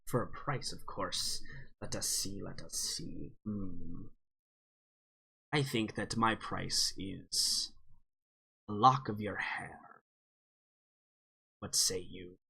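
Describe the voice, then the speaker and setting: Old dwarf spirit, gruff, slow and measured, low quiet voice, man voicing. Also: expressive, exaggerated voice. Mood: shrewd.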